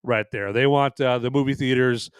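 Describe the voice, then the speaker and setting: A man's voice: mid-range voice, steady tone, normal speed, smooth, dry recording. A man hosting a live movie podcast, chatting casually in a rambling, jokey way. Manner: rambling and jokey, tacks on "right there". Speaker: podcast host.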